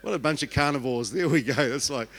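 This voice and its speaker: Chatty older Kiwi pastor, joking. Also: male voice, medium pitch, fast, a bit bright. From New Zealand. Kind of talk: sermon.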